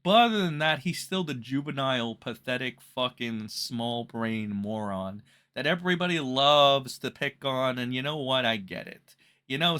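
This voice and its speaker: A man's voice: mid-range voice, sharp tone. A man hosting a reaction commentary, ranting in a profane, mocking way. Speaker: commentary host.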